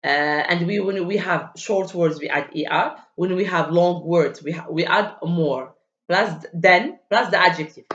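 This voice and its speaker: A woman's voice: fairly low pitch, measured pace, fairly bright tone. A woman teaching an English grammar lesson, speaking with many hesitations and fillers and drilling word forms aloud. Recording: dull, echoey room.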